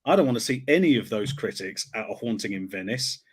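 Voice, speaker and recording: A man's voice: fairly low pitch, fast. A man, a film critic guest chatting enthusiastically and laughing between points. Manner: animated, enthusiastic, laughs a lot, does voices. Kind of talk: casual film-review chat.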